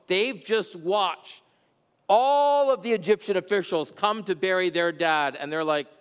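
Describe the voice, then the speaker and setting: A man's voice: a little high, measured pace, a bit bright, clean tone, big-room sound. A pastor preaching an expository sermon, a man whose voice climbs and drops for emphasis as he explains scripture.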